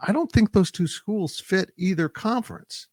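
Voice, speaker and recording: A male sports analyst discussing college football in a measured, analytical way, with frequent "uh" fillers. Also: sits high, expressive, darkish tone, dry recording, clean studio sound. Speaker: sports site publisher and analyst.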